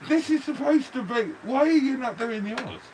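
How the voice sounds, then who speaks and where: A man's voice: extremely high pitch, moderate pace, distant mic, a little hiss or hum, poor audio. A British man ribbing his friend in casual livestream banter in a caravan. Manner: mocking, lively. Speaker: livestream guest.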